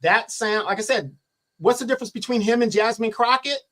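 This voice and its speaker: A man's voice: extremely high pitch, brisk, sharp tone, rough recording. Emphatic man with rhetorical questions. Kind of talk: opinionated political commentary.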